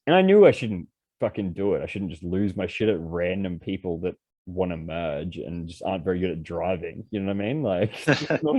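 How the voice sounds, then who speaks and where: A man's voice: deep voice, dry recording. A man, a podcast guest, telling casual stories full of swearing and filler words. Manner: swears freely, heavy filler words, animated. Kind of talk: casual storytelling.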